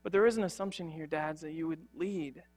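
A man's voice: a little high, brisk, a little mellow, faint music behind. A young man preaching a sermon as a pastor, earnest and conversational, with frequent fillers and restarts.

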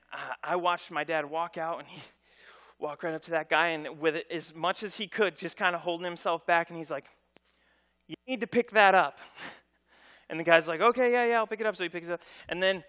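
A middle-aged man preaching a conversational, story-driven sermon, acting out the people in his stories. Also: on the high side. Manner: conversational, animated storytelling with voiced quotes. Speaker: pastor.

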